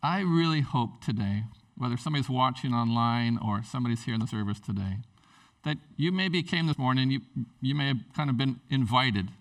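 A man preaching an animated, conversational sermon as pastor at a church service, acting out everyday scenes as he goes. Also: mid-range voice, a little fast, recorded from a distance.

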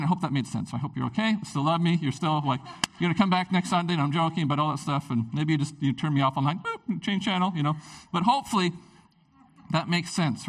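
A man preaching a casual, jokey sermon as a pastor, his voice jumping up to high excited peaks and dropping back to chatty asides. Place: church.

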